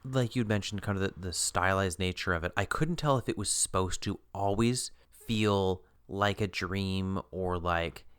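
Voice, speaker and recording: Podcast co-host: man, lowish voice, dry close mic, thoughtful and halting. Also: fairly bright tone, smooth, no room sound. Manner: thoughtful, hesitant restarts, laughs easily. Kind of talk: casual chat recapping a TV episode.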